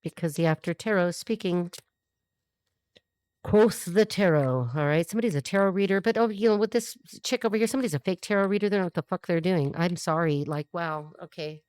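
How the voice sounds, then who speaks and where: A woman's voice: on the low side, fast, few pauses, smooth, dry recording, clean studio sound. Blunt, wisecracking woman reading tarot. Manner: blunt, profane, wisecracking asides; animated, jumps between thoughts. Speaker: tarot reader.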